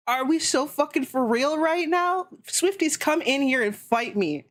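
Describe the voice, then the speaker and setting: A woman's voice: high-pitched, expressive, unhurried, hardly any pauses. A young woman streamer ranting heatedly and sarcastically in casual chat, swearing constantly.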